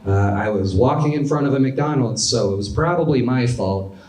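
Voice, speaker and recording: A young man in his twenties doing a stand-up comedy set with a dry, deadpan delivery in a club. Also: medium pitch, moderate pace. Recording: echoey club with audience laughter. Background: crowd laughter.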